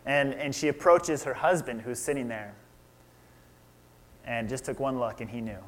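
A man's voice: medium pitch, moderate pace, fairly bright tone. A man in his thirties preaching a sermon, retelling a story and asking his listeners questions. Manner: asks the audience questions, acts out quotes.

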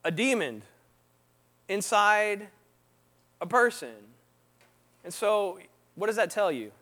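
A man with a high, light voice delivers a relaxed sermon to a congregation. He keeps the tone conversational, checking in with his listeners and asking them to fill in the words. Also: slow. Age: not young. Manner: lively, quizzes the audience with frequent "right?" and "what?". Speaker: preacher.

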